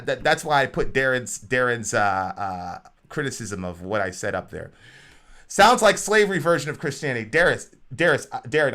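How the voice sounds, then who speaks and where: A man's voice: fairly high pitch, sharp tone. A man co-hosting a livestream talk show, preaching animatedly and acting out quoted voices. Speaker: show co-host.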